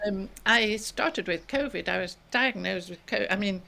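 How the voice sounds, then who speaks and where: A woman's voice: medium pitch, measured pace, vocal fry, pushed and bright. An older woman, a guest author, telling stories in a chatty, giggly way in a casual interview.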